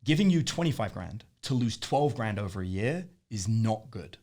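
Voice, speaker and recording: A man's voice: fairly low pitch, normal speed. A man being interviewed, telling stories casually and acting out the voices of the people in them. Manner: animated, acts out the voices in his stories; swears casually. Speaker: interview guest.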